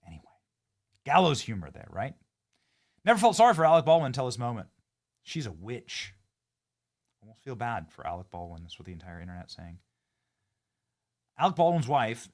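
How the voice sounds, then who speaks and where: A man hosting a commentary show, reacting to a clip in a mocking, indignant way, jumping between loud outbursts and muttered asides. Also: mid-range voice. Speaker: political commentary host.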